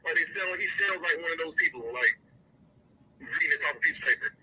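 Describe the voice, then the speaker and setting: On a phone call, a guest commentator talks casually and emphatically, rambling as he breaks down his point. His voice is fairly quick and sharp with a breathy edge, and though his intonation is fairly even, it swoops up high when he makes a point.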